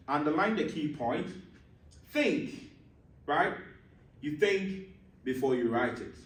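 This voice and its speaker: A teacher giving a lesson on exam stress, asking questions and answering them himself, often checking that the class follows. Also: male voice, mid-range voice. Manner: repeats points emphatically, checks understanding. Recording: roomy echo, mic at a distance.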